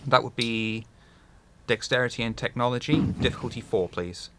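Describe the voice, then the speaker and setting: A man running a tabletop game as game master, calmly calling rolls and modifiers. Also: mid-range voice, moderate pace.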